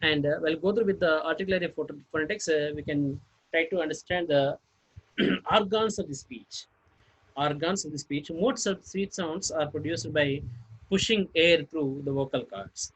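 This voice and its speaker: A man teaching a phonetics lesson, spelling out words letter by letter and pausing often on fillers. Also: fairly high pitch, slightly rough, rough recording. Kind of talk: phonetics lecture.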